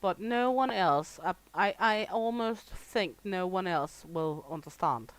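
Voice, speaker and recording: A middle-aged Danish woman with a Danish accent live-streams a store game, chatting casually, swearing freely, laughing often and talking to her chat. She speaks slowly and animatedly in a lowish voice, and the audio is poor.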